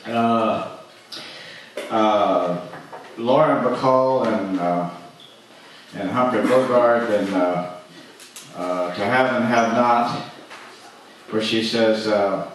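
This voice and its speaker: A man delivers a stand-up set slowly and haltingly, with frequent uhs and restarts. His voice sits low. He is caught from a distance in a very echoey comedy club, with faint noise behind him. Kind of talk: open-mic stand-up set. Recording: echoey club miked from afar.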